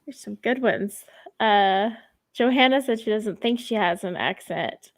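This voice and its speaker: A woman's voice: mid-range voice, measured pace. A woman from California hosting a casual livestream chat, upbeat and giggly. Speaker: host.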